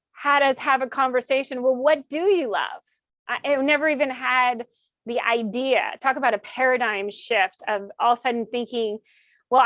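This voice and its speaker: A woman's voice: a little high, fairly bright tone, no echo. A woman in her fifties hosting a podcast, speaking in an earnest, reflective way. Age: 50s. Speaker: podcast host. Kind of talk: interview conversation.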